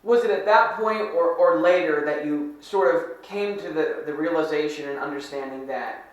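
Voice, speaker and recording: A man interviewing, asking probing, measured questions. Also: fairly high pitch, dull audio. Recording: echoey room sound.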